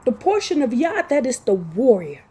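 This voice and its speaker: A woman with a high voice delivers a fervent sermon, reading scripture aloud between her own words. She scolds her listeners, repeats phrases over and over, and cries out. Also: very animated, normal speed, mellow, breathy edge. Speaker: preacher. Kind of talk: impassioned street-style sermon with scripture reading.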